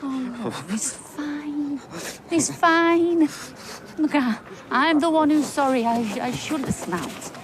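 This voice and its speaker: A woman's voice: sits high, slow. An actress playing a panicked young woman, urgently comforting a stabbed boy in a TV soap drama. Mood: soothing. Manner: urgent, reassuring, voice breaking. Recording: noisy outdoor TV drama audio.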